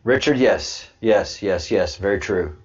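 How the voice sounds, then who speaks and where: A man hosting a livestream and answering chat, halting with many restarts, then repeating points slowly and with emphasis. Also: fairly low pitch, breathy edge, muffled recording. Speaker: channel host.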